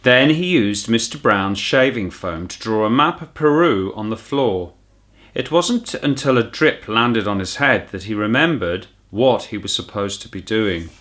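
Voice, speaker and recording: Teacher guy reading a kids' story, lively, voice goes up and down a lot. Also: on the low side, a little slow. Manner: warm and animated storytelling. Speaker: primary school teacher. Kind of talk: reading a children's storybook aloud.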